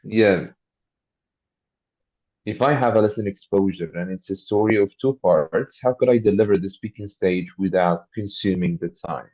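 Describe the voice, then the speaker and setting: A man's voice: low-pitched, moderate pace, a little mellow, no room sound, lo-fi sound. A man moderating an online conference session, keeping his remarks brief and reading audience questions aloud.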